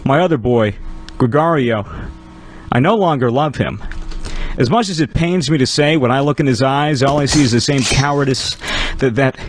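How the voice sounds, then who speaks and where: A man's voice: medium pitch, normal speed, slight background noise, lightly acted. A man voicing a weary, despairing male moth in a joke, talking in a brooding, mournful monologue.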